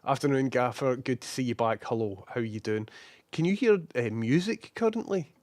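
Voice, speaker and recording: A young Scottish man with a slightly hoarse voice from a cold, casually chatting as a live streamer and greeting viewers by name. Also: mid-range voice, lively intonation, moderate pace, a little mellow, no room sound.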